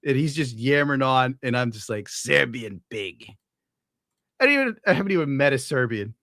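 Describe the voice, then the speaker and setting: A man reacts to clips in casual, crude commentary, laughing often and slipping into mock voices. His voice is bright and forward. It sounds dry and close to the mic. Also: medium pitch, animated, fast, dry recording. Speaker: streamer host.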